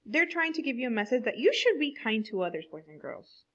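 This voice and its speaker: A woman teaching a fourth grade class, explaining slowly and stressing words for young pupils. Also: fairly high pitch, big pitch swings, fairly bright tone, muffled recording. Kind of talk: online classroom lesson.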